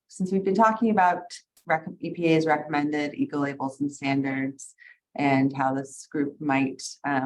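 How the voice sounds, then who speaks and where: Woman official, low voice, brisk introduction, video-call audio. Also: poor audio. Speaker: agency deputy administrator. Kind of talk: introducing a speaker.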